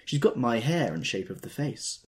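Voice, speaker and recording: Man reading as gushing young society woman, crooning, animated. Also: mid-range voice, moderate pace, voice pushed up, close to an everyday voice.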